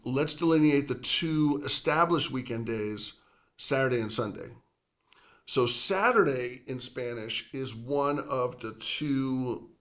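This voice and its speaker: A man teaching a casual language lesson. He talks in a chatty way, wanders off on tangents, and slows down when he says words slowly and clearly. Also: medium pitch, a bit bright. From United States. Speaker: Spanish teacher.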